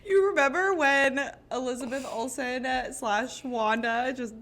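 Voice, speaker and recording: A woman's voice: high voice, unhurried, noisy background. A woman co-hosting a podcast in casual chat, stretching out words she wants to stress. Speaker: podcast co-host.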